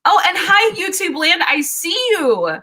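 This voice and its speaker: A woman's voice: very high voice, very animated, unhurried, pushed and bright. A woman hosting a live tarot reading stream, chatting casually and upbeat, greeting viewers by name and often restarting her phrases.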